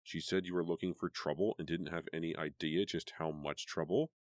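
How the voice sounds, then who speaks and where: A man reading an audiobook, voicing a calm, steady teenage girl who soothes her friend in a quiet voice. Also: deep voice, fairly quick, no room sound, clean studio sound, lightly acted. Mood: recounting.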